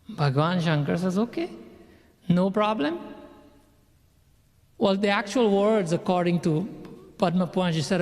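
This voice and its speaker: High-voiced man telling a sermon story. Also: animated, normal speed, creaky, darkish tone, big-room sound. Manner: acts out characters' lines in the story. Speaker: pandit giving a sermon.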